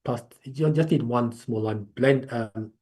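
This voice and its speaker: A man's voice: mid-range voice, a little slow, darkish tone. A man with an English accent hosting a live online class in a chatty, rambling way. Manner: chatty, rambling, laughs easily. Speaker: class host. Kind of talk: casual live class talk.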